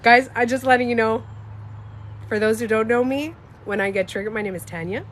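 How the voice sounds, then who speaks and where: A woman beauty coach chatting candidly on a livestream, animated, swearing freely and laughing often. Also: fairly high pitch, fairly quick. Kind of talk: casual livestream chat.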